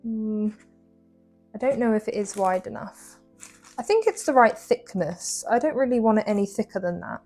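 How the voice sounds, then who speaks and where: A young English woman talks her viewers through a bake in her home kitchen, chatty and quick to poke fun at herself. Her voice sits at an ordinary middle pitch. Soft music plays faintly behind her. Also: animated. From England. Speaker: baking vlogger. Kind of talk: casual chat while baking.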